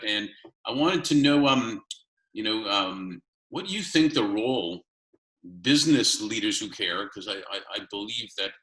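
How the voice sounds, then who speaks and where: Bright-voiced male interviewer, roomy echo. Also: on the low side. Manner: rambling questions with restarts and laughs. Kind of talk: conversational interview questions. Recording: roomy echoey room.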